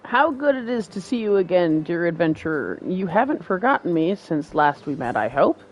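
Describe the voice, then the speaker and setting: A woman's voice: on the low side, sing-song, moderate pace, rough recording. A woman reading the lines of a polite, old-fashioned male festival organizer from a game. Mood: courteous. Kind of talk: reading game dialogue aloud.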